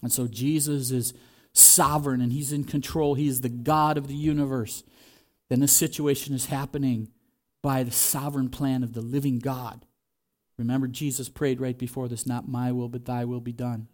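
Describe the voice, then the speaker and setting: A man's voice: medium pitch, level tone, moderate pace. A man preaching a sermon in a conversational way, acting out the quoted voices as he goes. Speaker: pastor.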